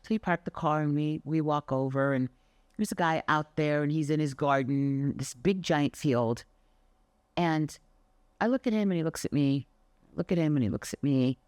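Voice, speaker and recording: A woman's voice: deep voice, normal speed, clean tone, no echo. An older woman, a Pilates instructor, talking casually and animatedly to camera, telling stories with the odd swear word. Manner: chatty, animated storyteller with mild swearing. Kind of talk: casual motivational talk to camera.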